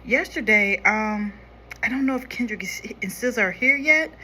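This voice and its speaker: Bright-voiced woman chatting through makeup. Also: on the high side, expressive, moderate pace, slight background noise. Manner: chatty, talks to viewers while applying makeup, drops quieter when concentrating. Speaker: makeup vlogger. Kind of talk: casual makeup tutorial chat.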